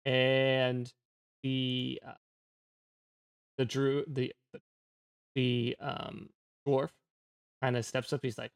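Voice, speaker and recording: A man's voice: mid-range voice, monotone, gravelly, clean tone, no echo. A man narrating a tabletop game as game master, casual and full of fillers and restarts. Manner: casual, filler-heavy, halting.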